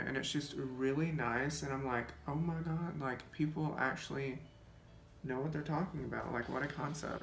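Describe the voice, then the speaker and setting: A young man with a gravelly, medium-pitched voice chats casually to the camera while doing his makeup, rambling and saying "like" a lot. He's a beauty vlogger seated in front of the camera, picked up by its built-in mic. The room is echoey, with faint music playing.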